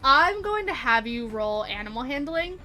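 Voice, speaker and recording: A woman narrating as game master in a playful, laughing, unhurried way. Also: high voice, very animated, sharp tone, soft background music.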